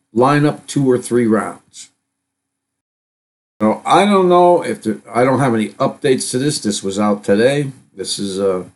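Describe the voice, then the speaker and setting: A middle-aged man hosting a live stream, reading news items aloud and commenting on them in a rambling, halting way with many fillers and restarts. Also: on the low side, darkish tone.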